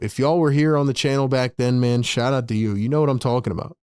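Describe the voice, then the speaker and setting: A man's voice: medium pitch, a little mellow, clear, resonant tone, no echo, clean studio sound. Chatty man calling a game live. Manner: fast, chatty, laughs often, reads viewer messages. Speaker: host and play-by-play caller. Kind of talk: live fan play-by-play and chat.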